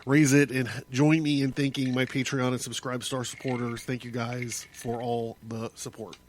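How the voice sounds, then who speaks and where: Man, podcast host, casual solo monologue, rambling, restarts often, mid-pitched voice. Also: level tone, moderate pace, slight background noise. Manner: rambling, with many restarts and chuckles.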